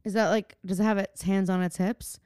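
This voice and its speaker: A woman's voice: medium pitch, steady tone, brisk, a little mellow, smooth, dry recording, clean studio sound. A young adult woman co-hosting a podcast in casual chat, playful and teasing, cursing freely. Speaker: podcast co-host.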